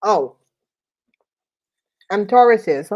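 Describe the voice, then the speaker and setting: A woman's voice: mid-range voice, lively intonation, extremely slow, darkish tone. A woman tarot reader chatting casually while eating, rambling with many fillers.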